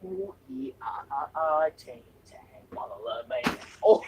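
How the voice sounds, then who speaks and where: A young adult live streamer at home, chatting playfully with goofy noises and sudden loud outbursts. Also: mid-range voice, big pitch swings, a little slow, few pauses, distant mic, noisy background. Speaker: live streamer reviewing snacks. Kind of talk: silly, rambling live-stream chat. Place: indoors at home, other people upstairs.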